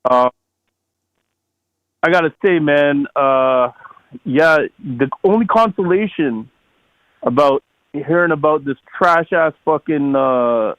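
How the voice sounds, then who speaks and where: A man's voice: on the high side, slow pace, long pauses, dry recording, dull audio. A man calling into a podcast, rambling, swearing freely and stammering on repeated words. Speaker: caller. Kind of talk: casual call-in chat.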